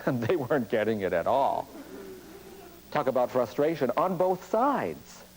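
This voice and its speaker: A priest who speaks on cross-cultural communication gives a storytelling lecture on the subject, playing the people in his anecdotes. His voice is a little high with a darkish tone, and the recording is rough.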